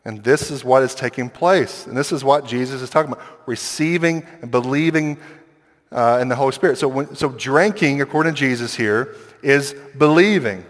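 A man preaching a sermon as pastor, talking in a conversational, animated way with quick asides and acted-out quotes. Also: mid-range voice. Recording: long hall reverb.

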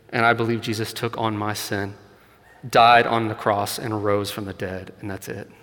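A man with a medium-pitched, fairly bright voice preaches a sermon in a church hall, earnest and conversational, slipping in light laughs and building to emphatic points. The recording carries a long hall reverb.

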